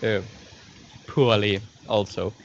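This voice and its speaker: A man's voice: lowish voice, steady tone, creaky. A man playing in a tabletop game, chatting casually and playfully. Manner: playful, acts out quick panicked lines. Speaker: player. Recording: dull lo-fi audio with faint noise.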